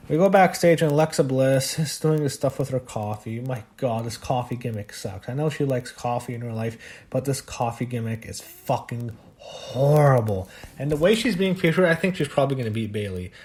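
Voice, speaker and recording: A man's voice: medium pitch, normal speed, a little mellow. A man giving a casual, blunt recap of a wrestling show, swearing and shrugging things off with frequent fillers.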